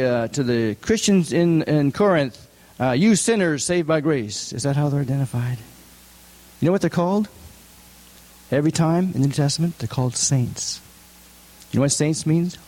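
Man preaching, pitch jumping up for emphasis. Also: darkish tone. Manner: asks the congregation many questions, rises in pitch for emphasis. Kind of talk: sermon. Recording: long hall reverb.

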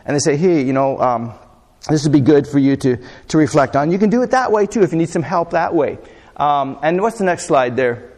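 A man's voice: on the high side, lively intonation, a little fast, darkish tone. Man preaching in a reverberant hall. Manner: conversational, asks the congregation questions. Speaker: pastor. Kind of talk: sermon.

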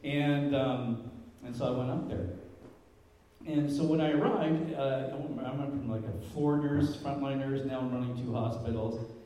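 A man's voice: mid-range voice, fairly even intonation, moderate pace, warm tone. A middle-aged man giving an informal church talk, telling a personal story in a rambling way, full of fillers and restarts. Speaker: lay speaker at church. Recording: echoey hall, speaker far from mic.

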